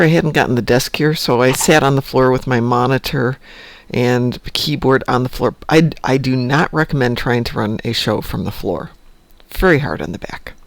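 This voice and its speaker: Gravelly, chatty male stream host. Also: on the high side, dry recording. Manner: rambling, chatty, self-joking. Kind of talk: casual morning stream chat. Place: home.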